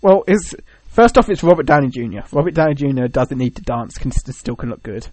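A man's voice: medium pitch, lively intonation, brisk, a little mellow, dry recording, poor audio. A man in casual chat, animatedly retelling events with many fillers.

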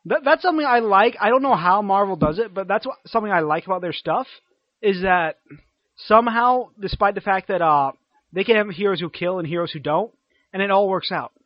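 A man co-hosting a casual podcast, joking and bantering quickly. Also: high voice, animated, dry recording, highs cut off. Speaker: podcast co-host.

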